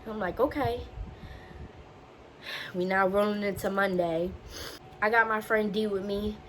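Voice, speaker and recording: A woman's voice: medium pitch, moderate pace, rough recording. A young woman tells a personal story straight to her viewers in a loose, chatty way. She slips into other people's voices when she quotes them. A faint background hum sits under her voice. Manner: chatty, animated, acts out quotes. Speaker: vlogger. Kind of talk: casual storytelling.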